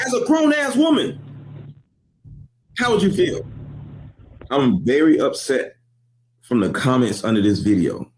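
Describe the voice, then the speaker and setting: A man's voice: medium pitch, very animated, measured pace, long pauses, a little hiss or hum, low-quality recording. A man giving earnest, lecturing commentary in an online video, acting out the quotes he reports.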